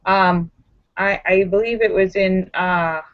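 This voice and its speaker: A woman hosting a casual live-stream chat, talking in an animated, emphatic, sassy way. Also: medium pitch, slow, dull audio. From Los Angeles area. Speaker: livestream host.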